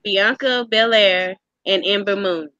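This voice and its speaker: A woman's voice: mid-range voice, measured pace, bright, forceful tone, muffled recording. A woman co-hosting a podcast in casual chat, leading the segment with upbeat exclamations. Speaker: podcast co-host.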